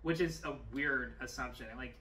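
A man's voice: mid-range voice, moderate pace, pushed and bright, distant mic. A man co-hosting a casual chat, enthusiastic and swearing for emphasis. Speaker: podcast co-host.

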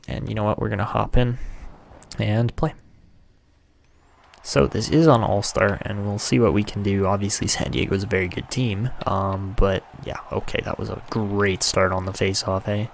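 A man's voice: fairly low pitch, vocal fry, no echo. A young man giving casual, swear-filled commentary over a hockey video game, often frustrated. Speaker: gaming YouTuber.

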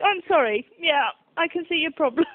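A woman's voice: very high-pitched, expressive, fairly quick, dry recording. A woman answering an advice line who keeps breaking into giggles while trying to stay polite. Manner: giggly, struggling to keep a straight face. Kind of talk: phone conversation. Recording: tinny phone line.

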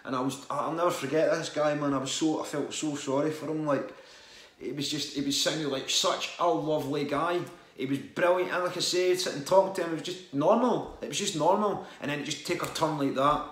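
Brief: man from the UK, former call-centre agent, earnest and rambling monologue, slightly high voice, roomy echo. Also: steady tone, a little fast, fairly bright tone. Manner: earnest and rambling, with many restarts. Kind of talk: casual storytelling monologue.

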